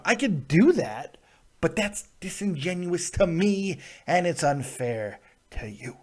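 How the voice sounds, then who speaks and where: Guy hosting a wrestling review, ranty and sweary, kinda high voice, stuffed up from a cold. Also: big pitch swings, measured pace, husky. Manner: ranting, profane, laughs often. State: getting sick, plugged ears. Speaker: podcast host. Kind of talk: live wrestling review show.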